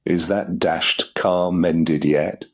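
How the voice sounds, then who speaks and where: A man voicing a flustered, fussy young English gentleman who dithers and frets. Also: low voice, steady tone, drawn-out words, full character voice. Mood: nervous.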